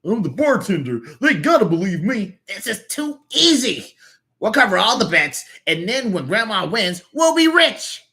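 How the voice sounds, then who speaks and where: A man's voice: sits high, sing-song, moderate pace, pushed and bright, pitched above the performer's own voice, exaggerated voice. A man with a Southern US accent voicing a scheming, greedy little male cartoon creature who talks like a smug huckster.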